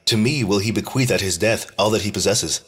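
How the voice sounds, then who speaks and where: Man reading servant Eleazar, boastful, husky voice, archaic speech. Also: lowish voice, a little fast, fairly bright tone. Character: Eleazar, a faithful male servant.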